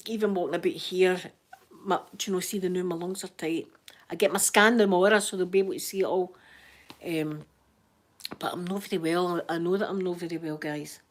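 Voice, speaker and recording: A Scottish woman hosting a casual live chat with her viewers, telling funny stories, laughing often and acting out what people said. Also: on the low side. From Scotland. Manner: chatty storyteller, laughs often, acts out quoted voices. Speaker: livestream host chatting to viewers.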